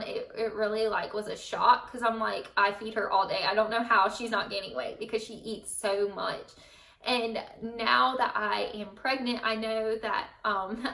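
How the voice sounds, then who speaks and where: A woman's voice: a little high, bright, forceful tone, far from the mic. A young woman, a mother, chatting casually to camera in a rambling way, with many fillers and small laughs. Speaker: vlogger, mother. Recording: echoey room, voice set back from mic.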